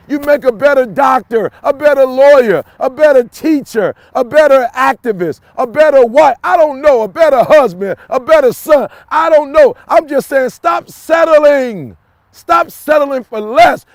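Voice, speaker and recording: A middle-aged man delivering a motivational talk with a preacher's swing. His voice sits very high and carries a gravelly rasp. He hammers lines with shouts, then sinks to a murmur, recorded close and dry. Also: no echo. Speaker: motivational speaker. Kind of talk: motivational speech to camera.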